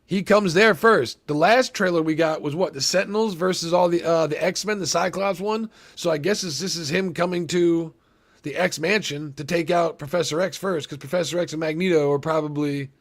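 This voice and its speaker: A man hosting a casual trailer reaction, talking in a rambling, profane, excitable way with lots of restarts. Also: fairly high pitch, moderate pace. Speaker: movie reaction host.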